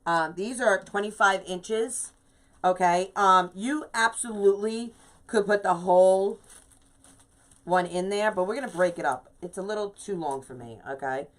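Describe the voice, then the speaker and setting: A woman's voice: medium pitch, measured pace. A middle-aged woman hosting a live craft video, chatting casually while she works and greeting viewers by name. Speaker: craft livestream host.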